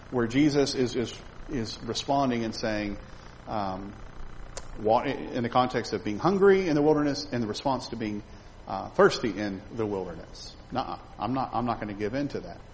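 A man's voice: medium pitch, moderate pace. A man teaching a Bible lesson in a conversational way, asking his listeners questions as he points to slides. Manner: animated, conversational, asks the audience questions. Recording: reverberant hall with faint background noise.

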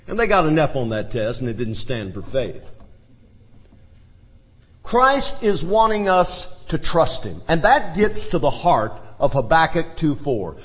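Male pastor, high and expressive, deliberate sermon pacing; muffled recording, long reverb of a church hall. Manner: expository Bible teaching, dramatic shifts in emphasis. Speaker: preacher.

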